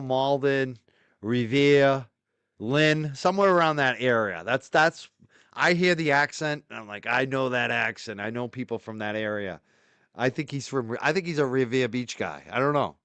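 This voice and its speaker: A man's voice: medium pitch, a bit bright, smooth, dry recording. Boston man, co-host, loose rambling chat, mid-range voice. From north of Boston area. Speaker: livestream co-host. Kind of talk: casual livestream chat.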